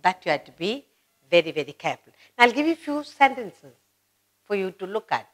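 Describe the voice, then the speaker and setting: A woman's voice: mid-range voice, sing-song, a little fast. A woman teaching a grammar lesson to children, speaking patiently and repeating each example sentence.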